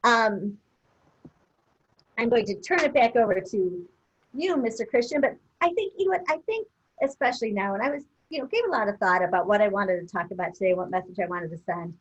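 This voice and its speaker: A woman gives an enthusiastic, encouraging training talk to sales agents over a video call. Her voice is slightly husky and sits mid-pitch. The audio is dull and lo-fi. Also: lively intonation, brisk. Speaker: guest trainer.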